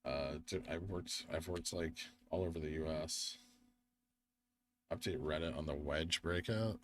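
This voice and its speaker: Tired, rambling man with a deep voice. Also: a little slow, noisy background. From United States. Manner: rambling, talks while reading chat and charts. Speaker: livestream host. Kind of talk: casual live-stream chat.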